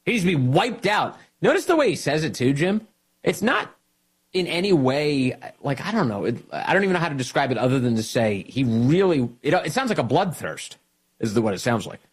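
A man's voice: mid-range voice, fairly quick, husky. A man hosting political talk radio, mocking and combative in his commentary. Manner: mocking, combative, animated delivery. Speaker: radio host.

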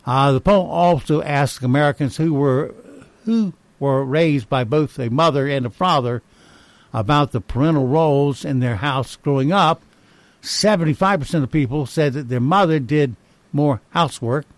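A man with a fairly high-pitched voice reads poll results and fun facts on his radio show at a moderate pace, with no echo. The banter is casual and wry, punctuated by dry little asides.

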